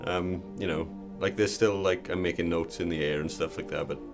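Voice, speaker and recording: A man playing a tabletop game, explaining his character's actions in a relaxed way. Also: low-pitched, a little fast, vocal fry, music in the background. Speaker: player.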